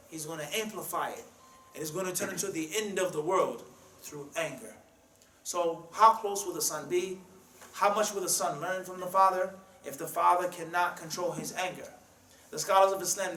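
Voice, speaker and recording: An imam gives an emphatic talk in a mosque hall, full of rhetorical questions and Arabic quotes. His voice sits high, bright and forceful, captured from a distance with a roomy hall sound.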